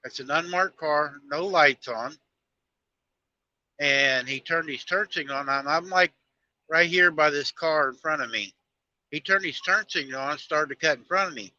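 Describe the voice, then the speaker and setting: A man's voice: on the high side, normal speed, bright, forceful tone, highs cut off. A man, chatting casually on a live stream from his truck cab as he drives, telling stories in a rambling, folksy way. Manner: rambling storyteller, folksy talk. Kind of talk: casual live-stream chat while driving.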